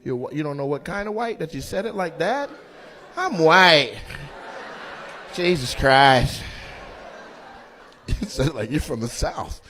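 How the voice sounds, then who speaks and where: A man doing stand-up crowd work in a comedy club, teasing audience members with loud banter and putting on their voices. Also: on the high side, very animated, moderate pace, long pauses. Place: comedy club stage before a live audience. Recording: faint crowd ambience, audience laughter.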